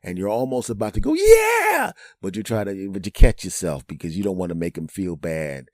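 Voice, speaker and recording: Male podcast host, low voice, animated comic storyteller; dry studio sound. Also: fast talker, no echo. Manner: animated, acts out every character, stretches words for comic effect. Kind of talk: comedic storytelling monologue.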